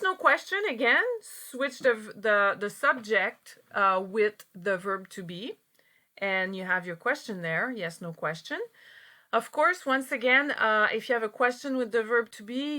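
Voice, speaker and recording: Woman, grammar teacher, recorded lesson, patient step-by-step explaining, bright tone. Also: medium pitch.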